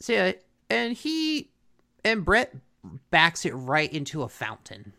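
A man's voice: sits high, slow pace, gravelly. A man co-hosting a podcast, recapping a cartoon episode in a casual chat and acting out lines from it. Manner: animated, acts out quotes from the episode.

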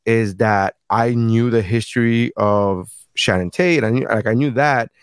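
A man's voice: mid-range voice, a little slow, clear, resonant tone, no room sound, studio quality. A man hosting a casual chat show, talking in a rambling, profane and self-deprecating way. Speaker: podcast host.

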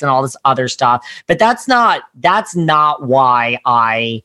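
A man chatting casually as a podcast guest, gossipy and animated, acting out what people said. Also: mid-range voice, unhurried, few pauses, clear, resonant tone. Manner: gossipy, animated, acts out quotes. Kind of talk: casual chat.

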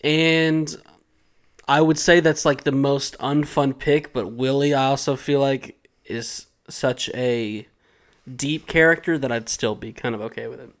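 A man's voice: medium pitch, steady tone, a little slow. Joking man co-hosting a podcast. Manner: reads notes aloud, teasing and joking. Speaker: podcast co-host. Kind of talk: casual chat.

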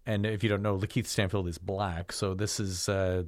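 A man's voice: low-pitched, flat delivery, normal speed, no echo, clean studio sound. A man casually chatting about a film he picked, rambling with many fillers and restarts. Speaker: podcast co-host. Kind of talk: casual film review chat.

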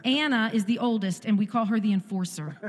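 A guest speaker in her forties gives a forceful testimony during a church service, speaking briskly at a medium pitch. She repeats phrases for emphasis, and the recording carries the echo of the church hall along with music.

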